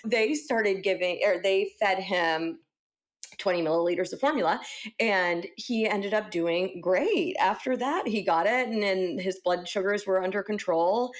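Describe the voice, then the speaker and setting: A woman in her thirties talks on a podcast as a pediatric nurse practitioner. She tells her stories with animation, jumping up loudly whenever she acts out what she said. Her pitch sits in the middle for a woman. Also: unhurried. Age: 30s. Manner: animated storytelling, acts out her own quoted lines loudly. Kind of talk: podcast interview.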